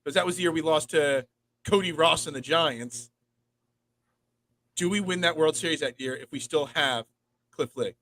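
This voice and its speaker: A man's voice: fairly high pitch, moderate pace, long pauses, fairly bright tone, a little hiss or hum, rough recording. A man co-hosting a sports podcast, rambling in casual chat and often repeating words as he thinks. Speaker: podcast co-host.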